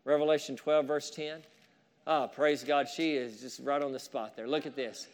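A man preaching a fervent sermon, with asides to the congregation and rising shouts of praise. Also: medium pitch, fairly even intonation, normal speed. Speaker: pastor.

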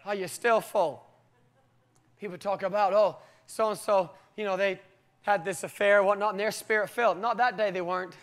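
A British man preaching, telling a personal story with animated delivery and frequent laughter. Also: sits high, moderate pace. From Britain.

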